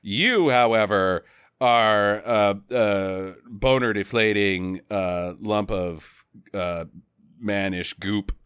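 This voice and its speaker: A man's voice: mid-range voice, a bit bright, smooth, no echo. A blunt, crude young guy rants in disbelief, stumbling and restarting as he goes, voiced by a man in his own register. The delivery sounds plain and everyday. The sound is dry and close.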